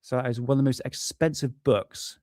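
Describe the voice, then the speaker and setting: A man's voice: mid-range voice, fairly even intonation, fairly quick, dark tone, no room sound, clean studio sound. A middle-aged British man hosting a casual live stream from home, chatty, swearing often and laughing at himself. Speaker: livestream host. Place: home room.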